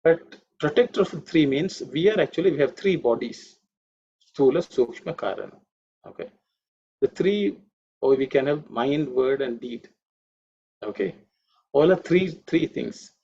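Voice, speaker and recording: A man teaching an online Sanskrit class, explaining chants slowly, repeating words and adding "okay" and "you know" often. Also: a little high, lively intonation, creaky, dark tone, highs cut off, slight background noise.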